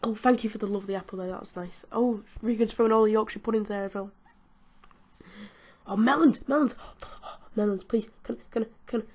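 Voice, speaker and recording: A British woman with a mid-range, darkish voice talks fairly quickly while playing a video game. Hosting her gaming channel, she keeps the commentary casual, chatty and giggly, speaking to the characters as she goes.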